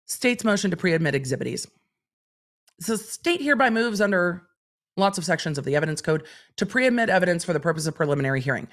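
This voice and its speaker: A woman's voice: on the low side, animated, normal speed, long pauses. A woman hosting a livestream, reading court documents aloud and commenting on them in a chatty, wry way. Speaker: legal commentator host.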